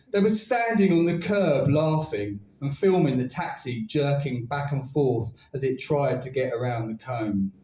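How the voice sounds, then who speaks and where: A man's voice: a little high, warm tone. A man performing comic spoken word poetry at a live night, telling his story with a wry, dry delivery. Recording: roomy live venue, distant mic.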